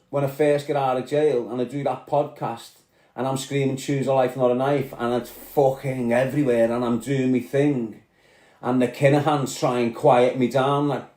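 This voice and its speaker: A man's voice: mid-range voice, warm tone, echoey room. A man with a Scouse accent, ranting aggressively and swearing as he answers commenters on a live stream. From Liverpool.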